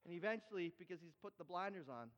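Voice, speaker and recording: A man with a very high voice preaches animatedly to his congregation and often repeats and restarts his phrases. The sound is dull and carries a long hall echo. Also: animated, fast. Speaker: pastor. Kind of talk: sermon with props and demonstrations. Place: church hall.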